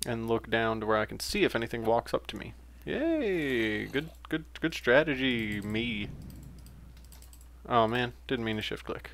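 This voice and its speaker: A man's voice: medium pitch, expressive, unhurried, creaky, fairly bright tone, a little hiss or hum. A young man giving casual, rambling commentary while playing a game, with frequent fillers and self-corrections. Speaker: let's play gamer.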